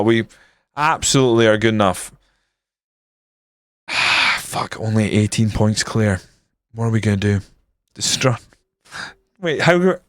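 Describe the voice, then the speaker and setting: A man's voice: medium pitch, a bit bright, no room sound, clean studio sound. A young man streaming a football management game, grumbling and swearing casually as he comments on his matches. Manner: frustrated, grumbling, swears often.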